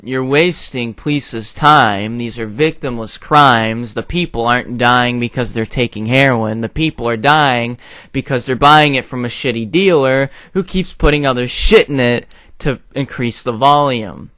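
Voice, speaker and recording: Slow, blunt, swearing young man. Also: mid-range voice, pushed and bright, no room sound, clean studio sound. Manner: blunt, profane, frequent fillers. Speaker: video commentator. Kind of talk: opinion rant to camera.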